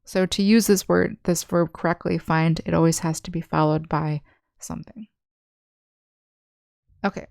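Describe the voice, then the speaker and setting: A woman English teacher, patiently explaining vocabulary in an online lesson with slow, clear examples. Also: lowish voice, steady tone, a little mellow, dry recording, clean studio sound.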